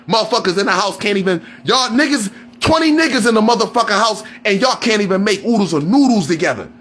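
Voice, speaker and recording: Very high-pitched man ranting profanely. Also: expressive, a little fast, slight background noise. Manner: profane, preachy, often shouting; repeats questions to press the listener. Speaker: live-stream host. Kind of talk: heated live-stream rant.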